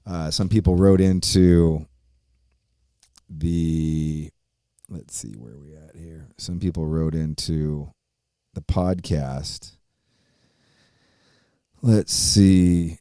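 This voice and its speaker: A man's voice: a bass voice, fairly even intonation, extremely slow, pauses often, mellow, clear, resonant tone, dry recording, clean studio sound. A man hosting a podcast, talking in a loose, rambling way and swearing freely. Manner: hyped, sing-song opening greeting. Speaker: podcast host. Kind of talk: casual podcast intro monologue.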